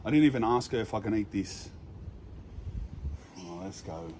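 Animated young man, lively vlog voice. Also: fairly low pitch, normal speed, a little hiss or hum. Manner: animated, exaggerated disgust, slangy. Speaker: food challenge vlogger. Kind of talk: casual vlog.

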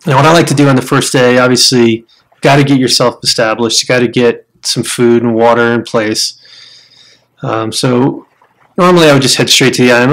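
An American man giving casual commentary on a survival game, chatting and explaining each step to viewers as he plays, sometimes breaking into loud startled exclamations. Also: medium pitch. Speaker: gamer showing a survival game.

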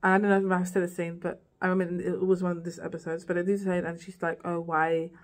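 A woman's voice: fairly low pitch, little pitch movement, quick pace, darkish tone. A woman vlogging a casual, rambling recap of a TV series, full of "like" and "girl" asides.

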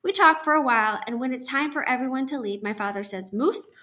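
A woman teacher reading a novel aloud to her class, telling the story in an expressive, steady way. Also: high voice, fast.

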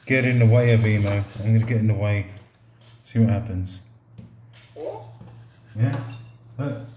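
A middle-aged man casually reviewing a toy robot at a table, relaxed and joking, talking to it like a pet. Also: on the low side, a little slow, echoey room, slight background noise. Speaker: product reviewer. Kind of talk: casual product review vlog. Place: indoors at a table or counter.

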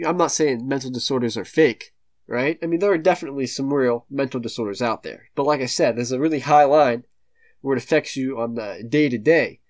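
A teenage male comedic commentator ranting in a sneering, dismissive, slangy way, with slow, drawn-out delivery. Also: mid-range voice. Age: late teens. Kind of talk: satirical rant reading online posts.

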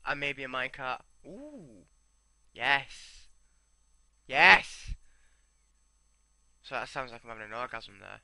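A man's voice: medium pitch, steady tone, fast talker, creaky, few pauses, bright, forceful tone, clean tone, dry recording. A young man rambling to himself as he comments on his own gameplay. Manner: rambling, talks to himself while playing.

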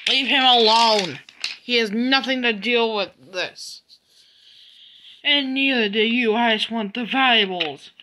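Spiteful male villain engine for a toy train drama, ranting with bright, sharp edges, put on by a woman. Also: on the high side, measured pace, rough recording. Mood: cold. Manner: snarling, ranting. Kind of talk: fan-made toy train drama voicing.

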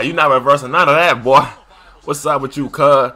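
A young man commentating a wrestling video game as he plays it, excitable and slangy, shouting and trash-talking at the screen. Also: medium pitch, moderate pace, soft background music. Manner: loose slangy casual speech. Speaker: gaming YouTuber. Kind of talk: live gameplay commentary.

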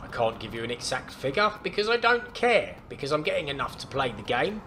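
A man's voice: medium pitch, very animated, brisk, sharp tone, a little hiss or hum. A man hosting his gaming channel, giving casual, jokey, awestruck commentary as he plays.

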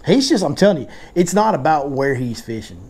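A man's voice: on the high side, big pitch swings, brisk, darkish tone, slightly rough. A man hosting a casual fishing seminar, telling stories and joking in Southern slang. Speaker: fishing guide and seminar host.

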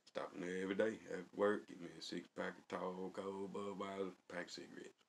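A man's voice: deep voice, flat delivery, brisk, vocal fry, a little hiss or hum. A man telling rambling, colloquial stories in a casual vlog, chuckling often. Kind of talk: casual storytelling.

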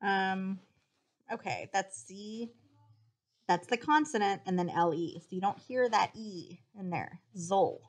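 A woman's voice: medium pitch, a little slow. A woman teacher giving a spelling dictation lesson, patiently sounding out syllables and explaining the rules.

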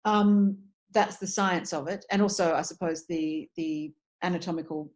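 A woman's voice: fairly low pitch, fairly even intonation, moderate pace, darkish tone. A middle-aged woman with an Australian accent, a voice and dialect coach talking casually and articulately in an interview, restarting phrases as she thinks aloud.

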